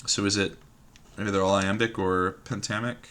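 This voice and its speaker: A man's voice: on the low side, little pitch movement, normal speed, fairly bright tone. A man thinking aloud while solving a word puzzle at his computer, musing and hesitant, trailing off and repeating words to himself. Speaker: puzzle game streamer.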